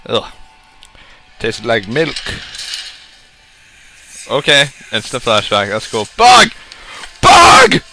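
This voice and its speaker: This gameplay commentator is a young man with a fairly low, sharp voice who speaks slowly and pauses often over soft background music. Casually narrating his let's-play, he mutters to himself, curses, hums, and yelps at scares.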